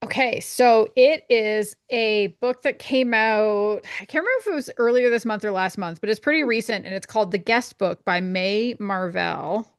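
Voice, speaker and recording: A Canadian woman co-hosting a podcast, summarizing a book in a rambling, casual way with quick asides. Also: medium pitch, smooth, no echo, clean studio sound. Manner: rambling explanations, quick asides, frequent laughs. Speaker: podcast co-host. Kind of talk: casual chat.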